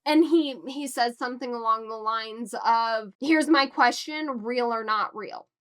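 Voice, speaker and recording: A woman's voice: fairly high pitch, pushed and bright, clear, resonant tone. A woman vlogger reviewing a book she loves, talking straight to her viewers in a gushing, emotional way. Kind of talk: casual book review vlog.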